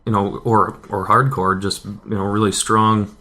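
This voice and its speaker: A man's voice: on the low side, level tone, a little slow, pushed and bright. A man co-hosting a casual music show, hesitant and stammering as he searches for words. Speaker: podcast co-host.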